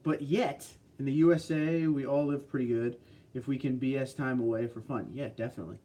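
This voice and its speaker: A tired man chats easily through a livestream, running on little sleep but staying upbeat. He reads viewer messages aloud, chuckles often and talks in an easygoing way. His pitch sits in the middle of the range. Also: steady tone, fairly quick, dark tone. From New Jersey, US. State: short on sleep. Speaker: livestream host reading chat. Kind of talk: casual livestream chat.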